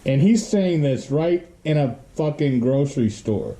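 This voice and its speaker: A man telling a story in a casual monologue, blunt and profane, swearing constantly and pausing often as he goes. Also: fairly high pitch, animated, dark tone, a little hiss or hum.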